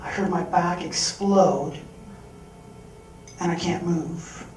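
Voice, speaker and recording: A man telling a personal story on stage, animated, acting out the voices he quotes. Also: on the high side, takes it slowly, soft background music. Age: adult. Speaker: speaker. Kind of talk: storytelling talk. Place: large hall. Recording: echoey hall from far off.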